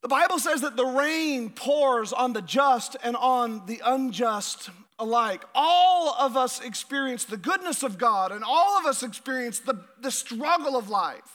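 A middle-aged man preaching a sermon as a pastor, energetic, often repeating words and asking the congregation questions. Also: very high voice, measured pace, hardly any pauses.

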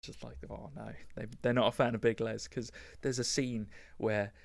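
A man's voice: mid-range voice, level tone, normal speed, vocal fry. A man hosting a casual solo podcast, rambling enthusiastically with lots of fillers. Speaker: podcast host.

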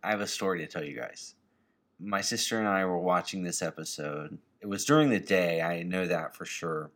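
A man on a podcast telling an animated personal story, swearing casually. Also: deep voice, normal speed.

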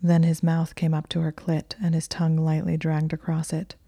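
A woman narrates a story in a slow, hushed whisper. Her voice sits low and dark, staying flat and even throughout. The recording is close and dry. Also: husky, no room sound.

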